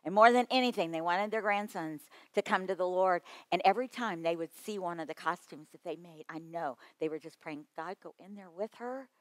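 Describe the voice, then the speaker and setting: A woman presenting a children's ministry workshop at a conference, talking to the audience in a lively, playful way. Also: lowish voice, brisk, hardly any pauses, no room sound.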